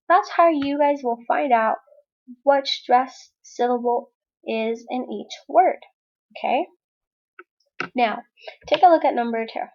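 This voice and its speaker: High-voiced woman teacher explaining a lesson. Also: a little mellow, dull audio. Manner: clear, patient explaining to students. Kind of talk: recorded online lesson.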